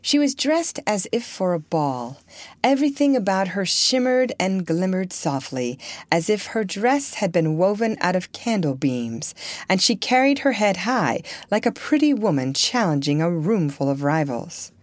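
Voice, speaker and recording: A woman narrating a classic novel in an audiobook with an expressive, measured reading. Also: fairly low pitch, no echo. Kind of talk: scripted narration.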